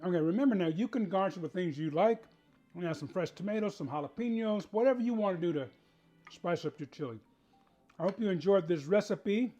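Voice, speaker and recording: A man hosts a homey cooking show in a folksy, easygoing way, his voice on the higher side yet mellow and warm. He talks straight to the viewers at home, and soft music plays faintly underneath. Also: expressive, brisk, highs cut off. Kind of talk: casual cooking demonstration.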